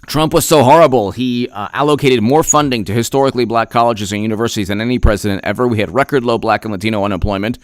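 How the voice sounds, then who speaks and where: A man giving a heated, sarcastic political commentary rant, repeating himself and clearing his throat often. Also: lowish voice, racing, hardly any pauses, no room sound, studio quality. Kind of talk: opinion rant vlog.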